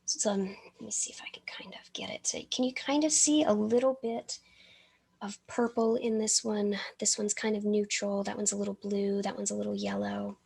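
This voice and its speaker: A woman's voice: medium pitch, animated, normal speed, vocal fry, darkish tone, slightly rough. A woman from the American South teaching a live miniature painting class, chatty and often interrupting herself, sometimes mumbling with a brush in her mouth.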